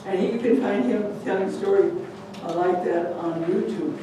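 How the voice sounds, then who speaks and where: An older woman telling a folk tale aloud to an audience, animated and chatty, slipping in Spanish words. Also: medium pitch, moderate pace. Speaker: storyteller. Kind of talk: lively live storytelling. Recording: echoey hall, distant mic, noisy.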